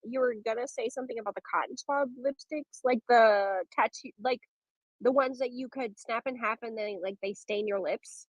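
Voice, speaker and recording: A woman's voice: a little high, moderate pace, no room sound, poor audio. A woman guest in a casual beauty chat, talking freely about her own makeup habits. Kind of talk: casual chat on a live audio room.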